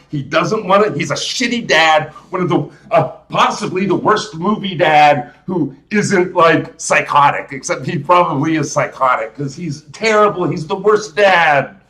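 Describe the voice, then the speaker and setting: A man's voice: sits high, bright, forceful tone, roomy sound. A man hosting a live show, rambling through a casual movie rant with emphatic restarts and rhetorical questions. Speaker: host.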